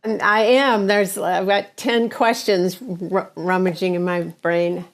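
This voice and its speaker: A woman's voice: mid-range voice, steady tone, measured pace. A woman co-hosting a podcast, asking thoughtful questions while searching for words. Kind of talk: interview questions.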